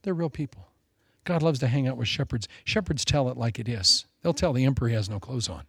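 Gravelly animated preacher in his forties. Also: medium pitch, quick pace, dry recording, studio quality. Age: 40s. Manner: animated, joking, self-mocking asides. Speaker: pastor. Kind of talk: sermon.

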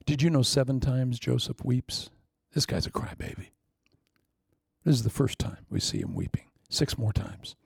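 A man delivers a sermon in a gravelly, mellow voice. He tells the story in an animated way, acting out lines and throwing in sudden asides to the congregation. The sound is dry, with no room echo. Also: mid-range voice, moderate pace. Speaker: preacher.

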